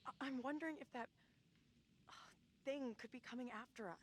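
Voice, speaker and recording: Game character: uneasy young woman, played by an actress, slightly high voice. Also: fairly quick, slight background noise, lightly acted. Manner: anxious, wary.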